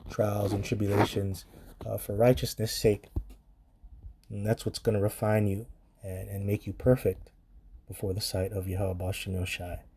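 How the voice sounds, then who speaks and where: A man's voice: lowish voice, dark tone, a little hiss or hum. A man preaching on scripture in a blunt, profane commentary style, reading verses aloud and reacting to them.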